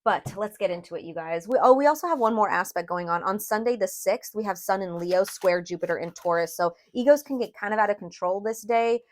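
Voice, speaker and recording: A woman's voice: mid-range voice, fairly quick, few pauses. A woman giving a casual tarot reading, chatty and emotional, addressing her viewers as "you guys" with lots of "like". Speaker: tarot reader.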